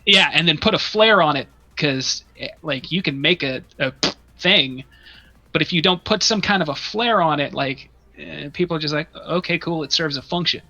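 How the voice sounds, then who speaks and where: A man's voice: a little high, moderate pace, pushed and bright, no room sound. A man guesting on a casual interview, talking in long run-on rambles full of fillers. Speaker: guest, one-man accessory maker. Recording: dull lo-fi dry sound.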